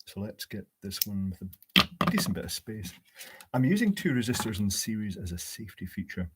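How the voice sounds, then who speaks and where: Low-voiced man thinking aloud at a workbench. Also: very animated, fairly quick, noisy background. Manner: thinks aloud, dry joking asides. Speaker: electronics hobbyist host. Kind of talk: live-streamed workbench build, answering chat. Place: home electronics workbench.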